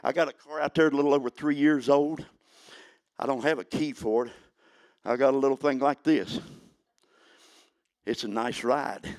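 A man of eighty, preaching a sermon in a folksy storytelling way that builds to fervent shouting. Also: mid-range voice, fairly even intonation, moderate pace, long pauses, no room sound. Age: 80s.

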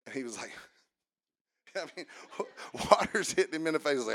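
A male preacher delivering a sermon in a church, swinging from quiet talk to shouted, sing-song preaching. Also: fairly high pitch, sing-song, normal speed, pauses often. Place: church sanctuary.

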